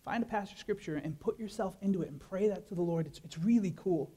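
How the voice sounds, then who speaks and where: A man pastor preaching a sermon, animated, with many rhetorical questions and repeated words. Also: sits high, quick pace, slightly rough.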